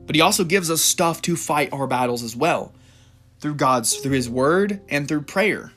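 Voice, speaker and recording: A man's voice: fairly high pitch, lively intonation, normal speed, a bit bright, soft background music. A man giving an informal devotional talk, reading Bible verses and rambling a little as he laughs at himself. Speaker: Christian encouragement speaker.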